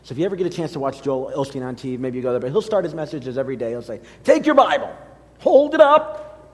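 A man's voice: medium pitch, rapid-fire, dark tone. A man preaching a sermon as pastor, earnest and building emphasis from the pulpit of a church. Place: church sanctuary. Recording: reverberant church hall.

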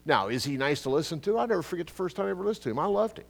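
A middle-aged male pastor preaching a Bible teaching, swinging between loud, emphatic bursts and quiet asides. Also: fairly high pitch, lively intonation, rapid-fire, gravelly. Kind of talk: expository sermon.

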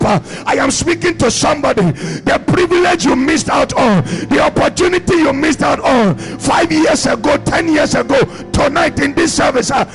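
At a church service, a man delivers a charismatic sermon, shouting rhythmic, repeated phrases broken up by "uh" and commanding blessings over the congregation. His voice is very high, and the recording is rough.

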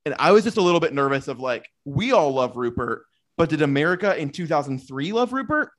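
A man's voice: a little high, very animated, a little fast, a bit bright. A man co-hosting a podcast, chatting about a reality show with lots of "like" fillers. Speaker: podcast co-host. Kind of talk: casual chat recapping a reality show.

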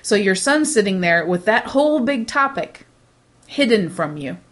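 Brief: woman in a casual podcast chat, mid-pitched voice, rambling and animated delivery. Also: moderate pace. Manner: rambling, animated, many restarts. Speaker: podcast co-host.

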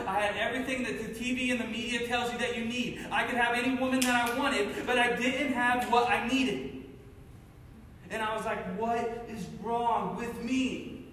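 A man from Cincinnati sharing his personal testimony with an audience, telling it intensely and swinging between loud and hushed. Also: sits high, slight background noise. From Cincinnati, USA. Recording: echoey hall, mic from far off.

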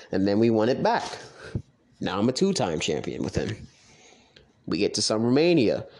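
A young man telling stories from his own past in a casual, profane, excitable monologue. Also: mid-range voice. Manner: profane, excitable, quotes others in animated voices. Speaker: podcast host recounting his online wrestling league career.

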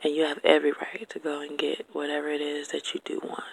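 A soft, largely whispered voice with a heavy gravelly fry and a husky grain. The speaker talks earnestly and directly to viewers, offering faith-based encouragement and checking in with a gentle "okay?". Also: mid-range voice, completely flat delivery, quick pace, low-quality recording. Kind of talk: encouraging personal talk to viewers.

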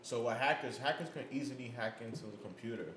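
A young man in casual chat, talking in emphatic slang and laughing loudly. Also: mid-range voice, fast talker. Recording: echoey room, faint noise.

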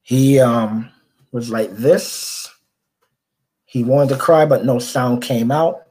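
A man's voice: medium pitch, slow, husky. A man from Brooklyn, a podcast guest telling a story in conversation and acting out the people he quotes. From Brooklyn, New York. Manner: animated, acts out the people he quotes.

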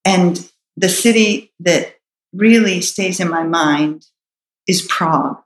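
A woman's voice: lowish voice, takes it slowly, echoey room, a little hiss or hum, low-quality recording. A middle-aged woman telling a personal story in a reflective, earnest way, with hesitant restarts.

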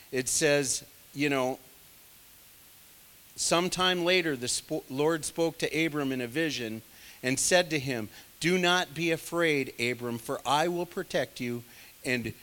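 Male pastor, slightly high bright voice, chatty sermon with frequent asides. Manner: conversational preaching with many asides.

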